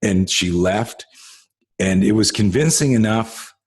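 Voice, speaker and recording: Husky low-voiced man telling rambling stories. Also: slow pace. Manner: rambling storytelling with many restarts and swearing. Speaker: host. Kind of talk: casual conversation.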